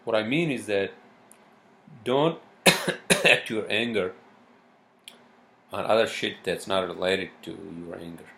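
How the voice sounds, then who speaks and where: Gravelly low-voiced man rambling. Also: slow, long pauses, pushed and bright. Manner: profane, meandering, lots of fillers. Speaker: podcast host. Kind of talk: rambling solo podcast monologue.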